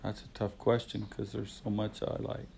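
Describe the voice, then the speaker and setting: A man's voice: lowish voice, monotone, moderate pace, gravelly, dark tone, a little hiss or hum, rough recording. A middle-aged man, a father, reading a heartfelt, devout letter to his family aloud, then chatting. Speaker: father of the hosts.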